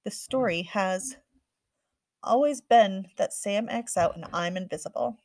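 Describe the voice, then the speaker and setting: A woman narrating a first-person audiobook in a quick, earnest storytelling manner. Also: medium pitch, darkish tone, a little hiss or hum.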